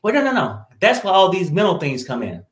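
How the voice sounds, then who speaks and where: A man's voice: high-pitched, wildly swooping pitch, a little fast, echoey room. A man co-hosting a casual chat, giving his opinions at length and talking over the others. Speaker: co-host.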